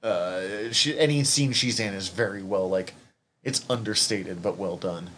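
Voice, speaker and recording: A man's voice: lowish voice, a little slow, a bit bright, a little hiss or hum. A man co-hosting a podcast, chatting casually about a TV series with fillers and acted-out quotes. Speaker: podcast co-host. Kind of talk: casual chat reviewing a TV series.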